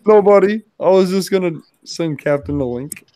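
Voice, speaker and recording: A man co-hosting a casual podcast, slangy and easygoing with a gruff edge. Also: high-pitched, normal speed, warm tone. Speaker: podcast co-host.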